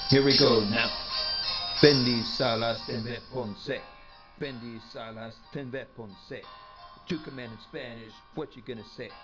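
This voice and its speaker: A teacher doing a hype rapper over loud music. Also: male voice, mid-range voice, steady tone, measured pace, highs cut off, close to an everyday voice. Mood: hyped. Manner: rhythmic call-and-response hype talk. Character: hyped-up male rapper chanting a rhyme. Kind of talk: rapping over a beat.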